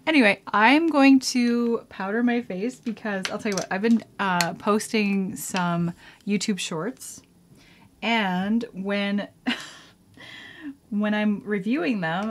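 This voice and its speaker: A woman's voice: mid-range voice, expressive, takes it slowly. A woman vlogger chatting casually while powdering her face, rambling with laughs and whispered asides. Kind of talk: casual chat while doing makeup.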